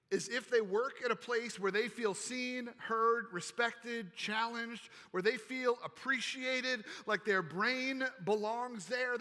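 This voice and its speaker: A man giving an energetic keynote speech, playful and animated as he works the crowd in a large convention hall. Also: high voice. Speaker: keynote speaker. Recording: reverberant hall.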